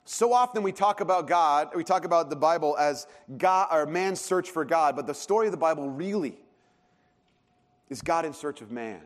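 A man's voice: a little high, expressive, moderate pace. A man in his thirties preaching a sermon as a pastor, telling stories in a conversational, self-deprecating way. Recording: long hall reverb.

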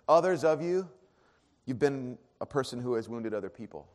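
A man preaching a sermon, earnest, dropping to a hush and then rising to emphatic peaks. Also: medium pitch, brisk. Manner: earnest, swings from hushed to emphatic. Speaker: pastor. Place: church auditorium. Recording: long hall reverb.

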